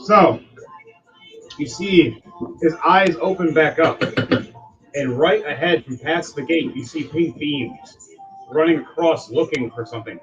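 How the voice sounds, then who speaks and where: A man's voice: a little high, unhurried, pauses often, fairly bright tone. A man running a tabletop game as game master, casually calling for rolls and narrating. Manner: casual, instructive, calls for rolls. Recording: dull sound with music behind.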